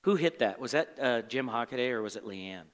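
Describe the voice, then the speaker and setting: Animated pastor teaching in a reverberant church. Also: male voice, medium pitch, fairly quick. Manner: asks the congregation fill-in questions, animated and conversational; acts out grumbling complainers in muttered asides. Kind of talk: Bible study sermon. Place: church sanctuary.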